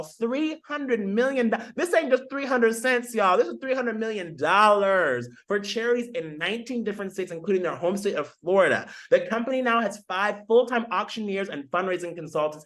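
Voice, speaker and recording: A man's voice: high-pitched, fairly bright tone. A man hosting a webinar over a video call, exuberant and full of hype, calling everyone y'all. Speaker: webinar host.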